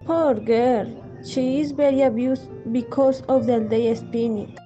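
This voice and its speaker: A woman's voice: high voice, fairly even intonation, unhurried, dark tone, faint music behind. A woman commenting on a story in scripted stage dialogue, sympathetic and wondering. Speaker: onstage commentator. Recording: dull lo-fi recording.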